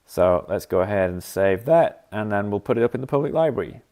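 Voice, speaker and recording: A brisk, animated app developer with a mellow, lowish voice walks through his music app on a live stream. He clicks and thinks aloud, scatting rhythms in "da da" sounds.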